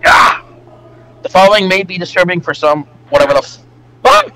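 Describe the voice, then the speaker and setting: A man hosting a casual reaction video over voice chat, excitable and swearing often with loud outbursts. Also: sits high, brisk, low-quality recording.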